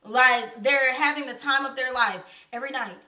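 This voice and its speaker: High bright-voiced chatty woman reviewer. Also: normal speed, distant mic. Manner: chatty, animated storytelling with slang and asides. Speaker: film reviewer. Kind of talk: casual film plot recap. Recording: echoey room, voice set back from mic.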